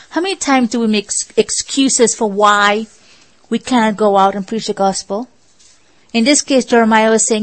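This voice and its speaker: A woman delivers a sermon in an earnest, exhorting manner, her voice sitting a little high. She presses her listeners with rhetorical questions as she preaches. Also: steady tone, normal speed, rough recording.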